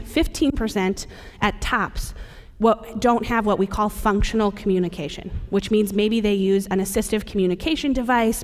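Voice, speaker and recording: A woman with a somewhat high voice gives a conference talk and speaks to the audience in a relaxed, joking way. Her voice rings out with the long reverb of a large hall. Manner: conversational and humorous, addressing the audience directly. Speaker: presenter at a safety conference. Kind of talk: conference presentation.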